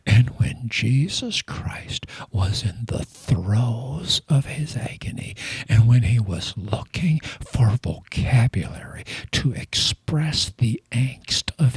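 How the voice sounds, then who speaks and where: Male preacher, hushed and very raspy, slow and deliberate delivery, earnest sermon. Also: lowish voice, no echo. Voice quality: whispery strained voice. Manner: earnest, emphatic, intimate address to listeners.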